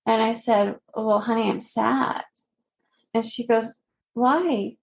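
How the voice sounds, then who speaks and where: Slow earnest woman guest. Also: on the high side, level tone, vocal fry. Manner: slow, earnest, laughing softly between phrases. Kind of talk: personal story in a podcast interview.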